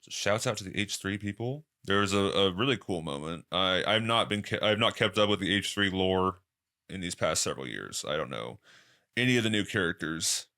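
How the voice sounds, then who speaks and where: A man's voice: animated, fairly quick, bright, forceful tone. A man hosting a podcast, talking casually and rambling through stories. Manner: loose, rambling, quotes people in exaggerated high voices. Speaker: podcast host. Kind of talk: casual solo commentary.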